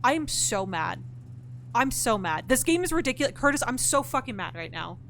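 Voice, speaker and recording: A woman's voice: on the high side, sing-song, moderate pace, fairly bright tone, a little hiss or hum. Exasperated woman streamer swearing at a game. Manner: frustrated, swears a lot, thinks aloud; talks to chat and game characters directly. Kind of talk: live-streamed gameplay chat.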